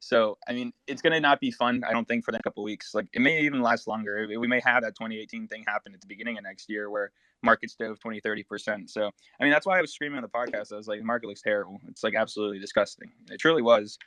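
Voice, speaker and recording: A man's voice: lowish voice, bright, forceful tone, no room sound. A man commentating on the markets in a casual audio chat, rambling along with many "like"s. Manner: rapid, rambling, heavy use of "like".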